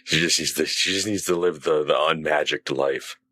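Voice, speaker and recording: A man's voice: rumbling low, moderate pace, sharp tone, no echo. A man co-hosting a casual gaming podcast, rambling and laughing as he retells scenes. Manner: rambling, laughs often, acts out game characters. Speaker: podcast co-host.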